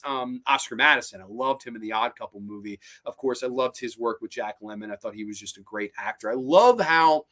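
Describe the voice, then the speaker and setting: A man hosting a casual live-stream movie chat, rambling and swearing a lot as he gets worked up. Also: medium pitch. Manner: rambling, profane, animated. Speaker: host.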